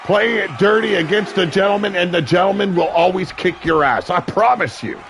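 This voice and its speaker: A man calling a wrestling match play-by-play, brash and crude, with sudden shouted bursts of excitement. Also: high voice, moderate pace, vocal fry, slight background noise. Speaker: wrestling commentator. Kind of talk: play-by-play commentary. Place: seated at a ringside commentary table.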